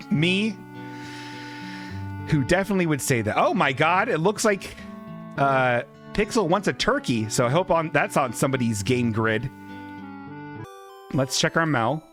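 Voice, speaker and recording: A man's voice: a little high, a bit bright. Rambling male comedy show host. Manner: rambling, chuckles, restarts.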